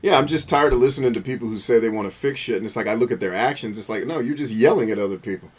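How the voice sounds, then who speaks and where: Faint music plays behind this man's rapid-fire delivery, his medium-pitched voice darkish and slightly rough. Playing a video game, he rambles through profane, philosophical rants as a gameplay commentator.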